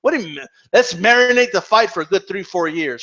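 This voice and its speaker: In a ranting vlog, a man rages profanely about boxing, arguing with fans who aren't there and tripping over repeated words. His high voice is animated, fairly quick, pushed and bright. The recording sounds dull and lo-fi.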